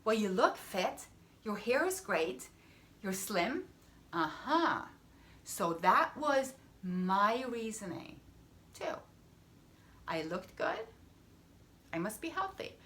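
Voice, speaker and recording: A woman health coach telling her personal story to camera in an emphatic way, repeating phrases and sometimes dropping to a hush. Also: mid-range voice, very animated, slow pace, long pauses.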